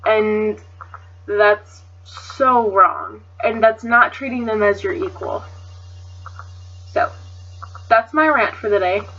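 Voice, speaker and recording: A woman's voice: mid-range voice, takes it slowly, pauses often, pushed and bright, highs cut off. A woman vlogger telling a story as an indignant casual rant, swearing freely and chattering loosely with lots of fillers.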